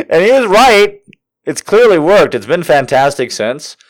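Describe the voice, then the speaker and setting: Man, comedic storytelling, lively swooping pitch, profane, self-mocking. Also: slow.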